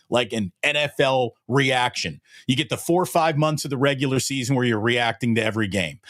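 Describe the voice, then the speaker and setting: A man co-hosting a casual sports talk show, wry, with low drawled punchlines. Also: fairly bright tone, dry recording, clean studio sound. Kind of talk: casual sports podcast chat.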